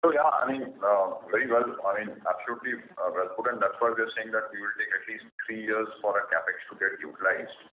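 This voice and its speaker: A man's voice: fairly low pitch, fast, hardly any pauses. A man answering analyst questions on an earnings call as a company executive, hesitant, with many fillers and restarts. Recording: echoey phone line.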